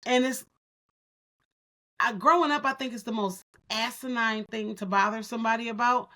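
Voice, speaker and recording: A woman co-hosting a podcast, speaking candidly and telling stories in an animated way. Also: fairly high pitch, normal speed. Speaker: podcast co-host. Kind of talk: casual podcast discussion.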